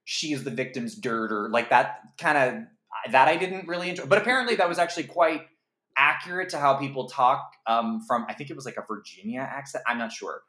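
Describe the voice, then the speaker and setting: A man co-hosting a podcast, talking through a film in a rambling, animated way with many fillers. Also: mid-range voice, a little fast. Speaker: podcast co-host. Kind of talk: casual film review chat. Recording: echoey room.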